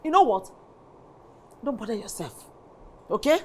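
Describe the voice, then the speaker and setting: An actress playing a scheming, domineering middle-aged mother with a Nigerian accent, indignant and forceful. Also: on the high side, sing-song, unhurried, a little hiss or hum. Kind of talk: Nollywood film acting.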